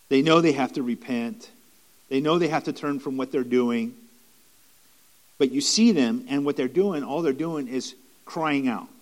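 A man preaching a sermon in an earnest, repetitive way, with restarts and rising emphatic stretches. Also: a little high.

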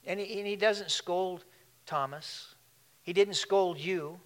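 Man, pastor preaching, animated, laughing asides, fairly high voice. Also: slow pace. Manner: animated, laughing asides, shifts between loud and hushed. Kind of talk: sermon.

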